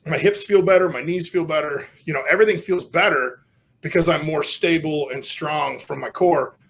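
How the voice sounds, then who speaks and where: Man, middle-aged, podcast guest, gravelly, sharp tone, profane and animated. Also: on the high side, moderate pace. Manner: profane, animated storytelling with loud self-mocking outbursts. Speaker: strongman guest. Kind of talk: casual podcast chat.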